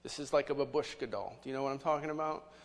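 A man's voice: mid-range voice, racing, creaky. A man preaching a sermon as pastor, conversational, with many rhetorical questions to the congregation. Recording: long hall reverb.

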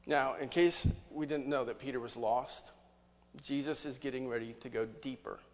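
A man's voice: medium pitch, moderate pace. A man preaching a sermon as pastor, conversational, with many rhetorical questions to the congregation. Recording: long hall reverb.

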